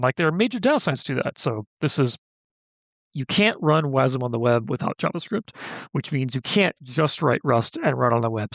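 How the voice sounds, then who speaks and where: A man, a guest software engineer, explaining a technical topic in a conversational way, often saying "like" and correcting himself mid-sentence. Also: mid-range voice, gravelly, dry recording. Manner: thinks aloud, lots of "like" and self-corrections.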